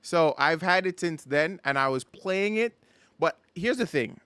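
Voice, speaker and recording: A man hosting a casual gaming podcast, talking in an animated, rambling way with frequent restarts. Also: fairly high pitch, measured pace, clean tone, dry recording. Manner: animated, rambling, stumbles and repeats words. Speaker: podcast host. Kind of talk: casual chat.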